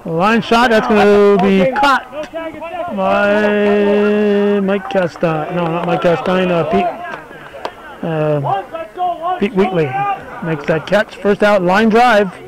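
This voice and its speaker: Middle-aged male local sports announcer, higher-pitched, easygoing and talkative, live outdoors with crowd behind. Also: slow pace, poor audio. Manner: chatty, relaxed, corrects himself, aside-prone. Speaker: play-by-play announcer. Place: outdoor softball field. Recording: crowd noise at an outdoor ballfield.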